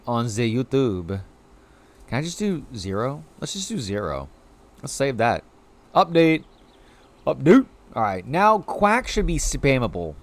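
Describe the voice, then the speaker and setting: A man streaming a video game live, chatting casually with his viewers as he plays. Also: mid-range voice. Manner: chatty, talks to chat while playing.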